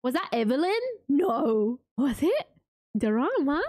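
An excitable woman streams a farming game and chats away with her viewers. Her high voice swoops all over the place. It is close and dry on a desk mic. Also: measured pace, no room sound. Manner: gushing, excitable, chatting with viewers. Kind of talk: casual live-stream commentary.

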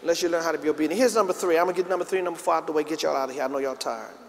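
A man's voice: a little high, rapid-fire, gravelly, a little hiss or hum. A middle-aged man preaching a sermon as pastor, drawing call-and-response from the congregation and climbing to emphatic peaks. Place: large church sanctuary with congregation. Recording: live church recording with reverb.

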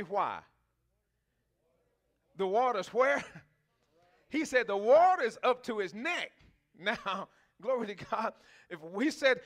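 A man's voice: very high voice, a bit bright. A man preaching a sermon as pastor, talking conversationally, asking the congregation questions and laughing often. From Texas.

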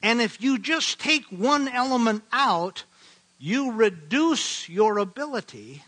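An older man from the American Midwest preaching a sermon, earnest and emphatic, slowing to stress key phrases. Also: high voice, pushed and bright, poor audio. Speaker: pastor.

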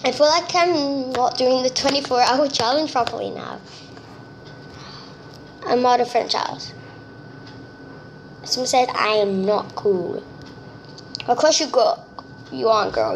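High-voiced chatty young female gamer. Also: measured pace, pauses often, a little hiss or hum. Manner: chatty and excitable, nervous. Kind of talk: casual gameplay commentary. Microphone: phone screen-recorder mic.

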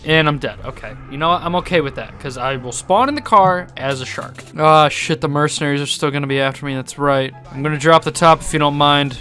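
A young man giving let's-play commentary on a chaotic game, excitable and laughing often with sudden high yelps. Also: a little fast, hardly any pauses, faint music behind. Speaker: gaming YouTuber.

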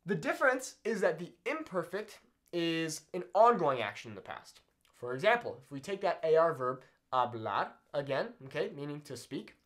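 A lively-voiced Spanish teacher, pitched on the high side, gives a language lesson indoors at a whiteboard. He checks in often with "okay?" and repeats examples slowly.

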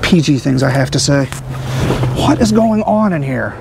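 A joking, excitable man hosts a casual vlog outside next to a vehicle. His voice sits high and swoops around with lively ups and downs. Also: normal speed, creaky, background noise. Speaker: host.

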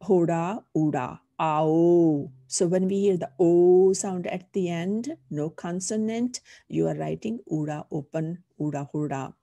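A woman's voice: lowish voice, unhurried, vocal fry, hardly any pauses, mellow, no room sound. A woman with a Punjabi accent, a teacher patiently explaining a lesson step by step. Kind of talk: recorded online lesson.

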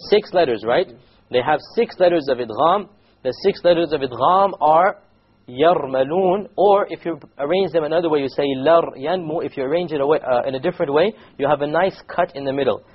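A man teaching a recitation class, patiently repeating points, quizzing the students and slowly demonstrating words. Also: on the high side, slightly rough, lo-fi sound.

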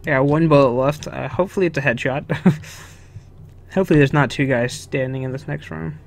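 A man's voice: medium pitch, steady tone, moderate pace, gravelly. A young man casually commenting on his own gameplay, swearing, chuckling and talking to himself. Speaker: gaming video host. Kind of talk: casual let's-play commentary.

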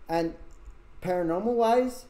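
A woman's voice: mid-range voice, a little slow, dark tone. A woman hosting a casual conversation, talking in a loose, rambling, chatty way. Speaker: show host. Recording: roomy echo.

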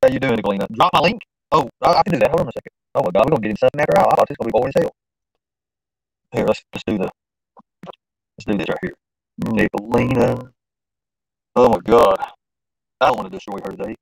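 A man's voice: mid-range voice, quick pace, gravelly, pauses often, dry recording, rough recording. A man hosting a casual live stream, rambling and informal, often talking to himself as he works the screen. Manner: rambling, talks to himself while fiddling with the stream; informal, slangy. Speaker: livestream host.

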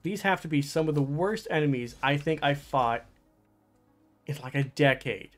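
A man with a fairly high voice talks through his gameplay in a loose, let's play way, often muttering to himself and breaking into exasperated outbursts. Soft game music plays faintly underneath. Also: normal speed. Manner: frustrated, exclamatory, talks to himself while playing. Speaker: gaming channel host.

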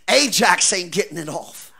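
A man preaching a revival sermon, swinging from quiet asides to shouted declarations, with a folksy preacher's cadence. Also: sits high, expressive, takes it slowly, creaky, breathy edge. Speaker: pastor.

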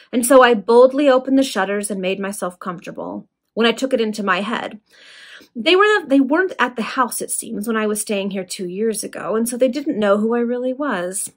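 A woman's voice: on the high side, close to an everyday voice. A woman reading aloud, voicing a cool and menacing male villain in her own voice. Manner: calm, mocking, unhurried.

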